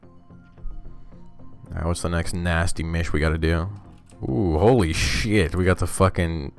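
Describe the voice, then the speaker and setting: Deep-voiced swearing game streamer man. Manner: loose, heavy swearing, wry asides. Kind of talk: casual let's-play commentary.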